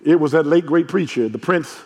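Man, pastor, hoarse, fairly high voice, husky, sermon, long church reverb. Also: brisk. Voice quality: gravelly, husky. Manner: preaching with calls to the congregation, building to shouts. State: hoarse from allergies. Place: large church sanctuary. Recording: long echo of a large church hall.

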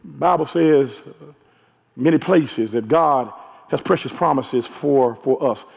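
Hoarse gravelly preacher in echoing church. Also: male voice, mid-range voice, measured pace. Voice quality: gravelly, husky. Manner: preaching with calls to the congregation, building to shouts. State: hoarse from allergies. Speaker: pastor. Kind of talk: sermon. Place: large church sanctuary. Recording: long echo of a large church hall.

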